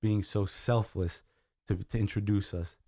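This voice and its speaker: An earnest young man from Guatemala and the United States, speaking as a podcast guest. His voice sits very low and sounds dark and mellow, and the sound is close and dry. He keeps dropping "man" into his sentences. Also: fairly even intonation, measured pace, no room sound. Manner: earnest, repeats "man" often. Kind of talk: casual podcast chat.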